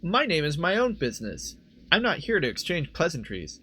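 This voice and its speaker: A man's voice: huge pitch swings, normal speed, sharp tone, breathy edge, exaggerated voice. A man voicing a guarded young woman adventurer in a game, speaking in a raised, clipped, formal way. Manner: higher-pitched, clipped formal delivery.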